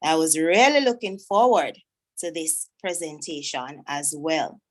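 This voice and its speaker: Slow-talking teacher. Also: female voice, sits low, animated. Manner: chatty, self-deprecating, stalling while searching. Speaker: teacher hosting a school event. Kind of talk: casual talk to pupils online.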